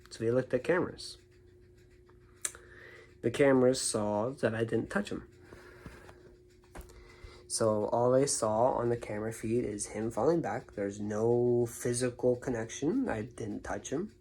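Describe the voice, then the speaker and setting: A man's voice: mid-range voice, measured pace, darkish tone, poor audio. A young man vlogging, telling a rambling personal story to the camera, often repeating himself. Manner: rambling, repeats words and restarts. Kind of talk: casual storytelling monologue.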